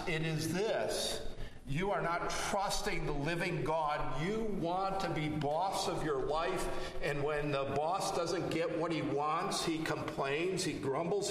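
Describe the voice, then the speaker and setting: A man preaching a sermon as pastor, with slow, measured delivery and frequent hesitant pauses. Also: fairly high pitch, a bit bright, slight background noise. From Chicago area. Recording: echoey hall, voice from far off.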